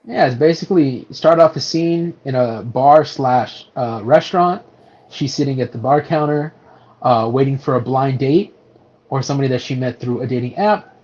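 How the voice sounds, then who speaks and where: A man's voice: mid-range voice, normal speed, a little mellow, lo-fi sound. A man co-hosting a casual movie review podcast, rambling through the plot with many restarts and swearing. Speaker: podcast co-host.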